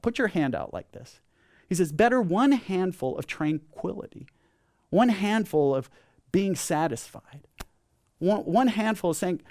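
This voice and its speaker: A man delivers a sermon from a church sanctuary. His voice sits fairly high, and he builds into emphatic lists before tripping into stammered restarts and quick chuckles. He calls the congregation to repeat lines back with him. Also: no echo, clean studio sound. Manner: animated preaching, builds to emphatic lists, leads congregation call-and-response. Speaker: pastor.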